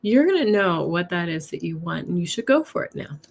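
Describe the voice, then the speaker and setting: A woman's voice: on the low side, big pitch swings, fairly quick, creaky. A woman reads weekly tarot on a live stream from her home. Her talk is chatty and friendly, broken up by frequent laughs. She turns to greet viewers by name as the reading goes along. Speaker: tarot reader. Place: home with a cat nearby.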